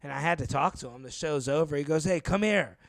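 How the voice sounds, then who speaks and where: Brief: male comic, storyteller, gravelly edge, dry close sound. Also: on the high side, fast, no room sound. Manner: animated, laughs through his own stories. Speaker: comedian telling stories. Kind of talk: casual storytelling chat.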